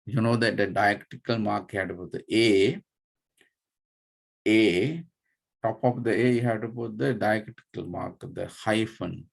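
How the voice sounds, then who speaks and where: Slow, gravelly Sri monk teaching. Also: male voice, on the low side. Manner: patient, spells out terms letter by letter, many fillers. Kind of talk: slow dharma class lecture.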